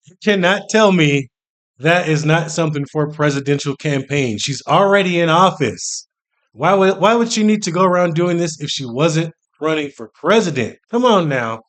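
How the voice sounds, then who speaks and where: A man's voice: on the high side, fairly bright tone. A man hosting a reaction video, talking casually and sounding incredulous. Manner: incredulous and chatty. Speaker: reaction channel host.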